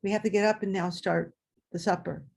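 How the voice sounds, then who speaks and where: A woman voicing a calm, practical old grandmother in a told story, matter-of-fact and soothing. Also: mid-range voice, brisk, vocal fry. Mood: instructive.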